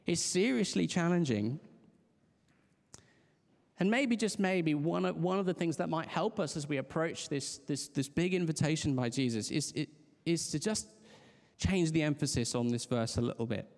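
A man preaching in a relaxed, conversational way, earnest and prone to restarting his phrases. His voice sits a little high for a man. It rings out through a hall with a long reverb. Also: normal speed, vocal fry. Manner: conversational, earnest, with frequent restarts and light laughs. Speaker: pastor. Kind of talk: sermon.

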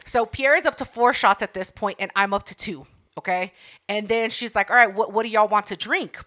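A woman's voice: mid-range voice, brisk, pushed and bright. A woman co-hosting a podcast, swearing freely and laughing often as she tells a story in casual chat. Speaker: podcast co-host.

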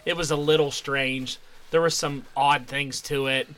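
A man hosting a casual podcast chat, animated and quick to laugh, acting out quotes. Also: mid-range voice, crowd noise. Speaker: podcast host.

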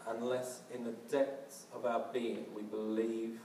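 A man's voice: mid-range voice, little pitch movement, measured pace, darkish tone, slight background noise. A man preaching a sermon earnestly, often restarting and using fillers. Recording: roomy, from a distance.

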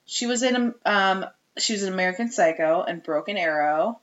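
A giggly woman co-hosts a casual podcast and pokes fun at herself as she tells stories. Her voice sits in a middle pitch and the room is echoey. The sound is slightly dull. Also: moderate pace, fairly bright tone. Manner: giggly, self-deprecating storyteller. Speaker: podcast co-host. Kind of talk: casual chat.

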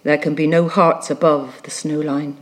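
A woman's voice: deep voice, level tone, normal speed, pitched below the performer's own voice, lightly acted. A woman reading an audiobook, voicing a brooding, fierce old sea captain in a declamatory, commanding way.

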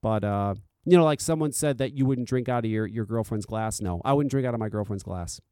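A man hosting a casual solo podcast, blunt and profane, swinging between loud insistence and quiet, confiding asides. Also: lowish voice, brisk, smooth, dry recording. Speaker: podcast host.

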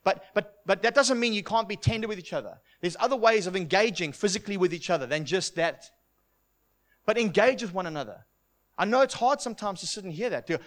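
Earnest man preaching, fairly high voice. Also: lively intonation, quick pace. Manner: earnest, repeats words when starting a thought. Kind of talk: sermon.

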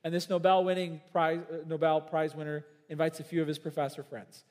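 A man preaching a sermon as pastor, with emphatic swings from loud and high to soft and low. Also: level tone, fairly quick, big-room sound. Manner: emphatic preaching with big swings in pitch and volume.

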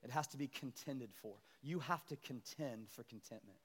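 A male pastor preaching a sermon to his church, animated and building to loud, emphatic peaks as he calls out to the congregation. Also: medium pitch, normal speed, breathy edge. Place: large church sanctuary. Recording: long church hall reverb.

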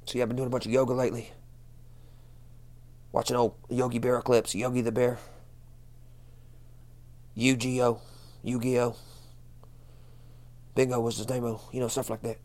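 A man's voice: mid-range voice, level tone, moderate pace, long pauses, darkish tone. A man co-hosting a comedic podcast, rambling through jokes with lots of fillers and restarts. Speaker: podcast co-host.

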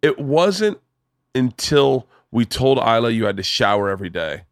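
A man hosting a podcast, telling stories in a loose, animated way and swearing freely. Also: mid-range voice, moderate pace, no room sound, clean studio sound. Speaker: podcast host. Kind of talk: casual storytelling chat.

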